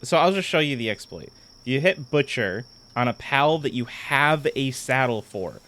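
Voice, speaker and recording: A man's voice: medium pitch, animated, normal speed, fairly bright tone. A man giving casual gameplay commentary, chatty and explaining things step by step as he plays. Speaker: gaming content creator.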